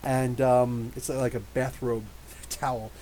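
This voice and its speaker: A man in his thirties hosting a live podcast, reading out chat messages and rambling animatedly with quick asides and frequent laughs. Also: medium pitch, level tone, dark tone, slight background noise, poor audio. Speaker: podcast host. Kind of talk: live stream chat reading super chats.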